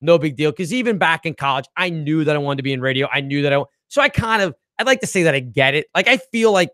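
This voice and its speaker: A male podcast host chatting casually and spinning an anecdote. His voice sits high and swings widely in pitch as he acts out the people in his story. The sound is dry and close. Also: animated, fast, fairly bright tone, no room sound. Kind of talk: casual chat.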